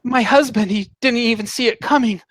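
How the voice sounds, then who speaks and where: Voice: mid-range voice, brisk, fairly bright tone, no room sound, voice pushed up, lightly acted. A game master voicing a frightened young village mother who pleads and sobs while fleeing a burning town. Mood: sobbing. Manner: sobbing, panicked pleading. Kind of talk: tabletop role-play voice.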